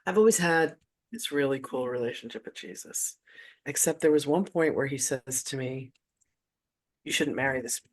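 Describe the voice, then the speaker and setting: A man's voice: mid-range voice, moderate pace. A man telling a personal spiritual story in a casual, chatty way, full of "like" asides. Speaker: spiritual teacher.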